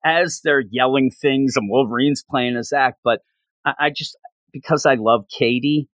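A man in casual chat, excitedly recapping a comic book issue in a rambling way. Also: medium pitch, moderate pace, dry recording. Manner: enthusiastic, rambling recap with frequent laughs.

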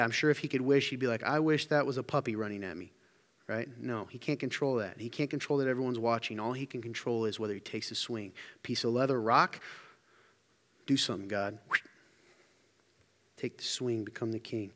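Animated preacher in a reverberant hall. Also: male voice, medium pitch, fairly quick. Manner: animated storytelling, acts out quotes. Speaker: pastor. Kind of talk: sermon.

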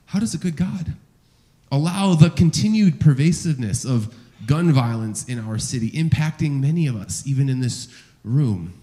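A man preaching a sermon in a church, building his points through rhetorical questions. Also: on the high side. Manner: animated, rising and falling emphasis, rhetorical questions. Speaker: pastor. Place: church sanctuary with congregation.

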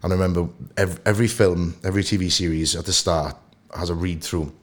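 A man with a Welsh accent and a very low voice chats as a podcast guest. He tells his stories with animation, acting out the bits as he goes. He sounds like someone in his thirties. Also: quick pace. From Wales. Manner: animated storyteller who acts out anecdotes. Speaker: actor guest. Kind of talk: casual podcast interview.

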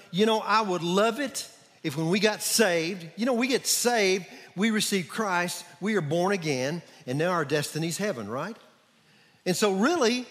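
A man preaching a sermon as pastor, animated and calling on the congregation to answer back. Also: on the high side. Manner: animated, calls for congregation responses. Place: church sanctuary. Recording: church hall with long reverb.

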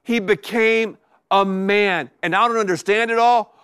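A middle-aged pastor preaching a sermon to a live congregation, with animated delivery and emphatic repetition. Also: male voice, high-pitched, a little slow, smooth, no room sound, studio quality.

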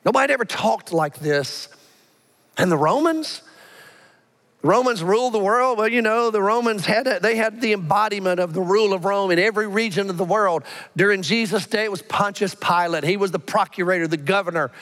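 Pastor, man, high voice, animated storytelling sermon, long sanctuary reverb. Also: a little fast.

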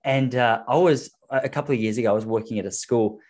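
An Australian man in his thirties co-hosts a podcast, speaking fast in a medium-pitched voice. He chats casually and tells his stories with energy, acting out the voices of the people in them.

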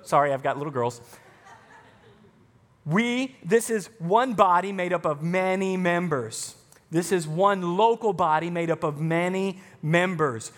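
A man's voice: sits high, normal speed, a bit bright. A man preaching a sermon as pastor, emphatic, with punchy rising lines. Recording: long hall reverb.

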